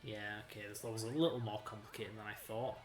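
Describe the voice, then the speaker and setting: Very deep-voiced sweary woman streamer. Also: fairly even intonation, fast, reverberant, over music. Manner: blunt, sweary, sarcastic. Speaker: streamer playing retro games. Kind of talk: casual let's-play commentary.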